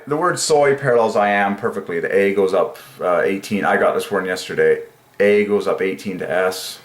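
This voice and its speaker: A man hosting his own channel, musing aloud in casual solo commentary, enthusiastic and repeating words to himself, sometimes in a sing-song higher voice. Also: moderate pace. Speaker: channel host. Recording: echoey room.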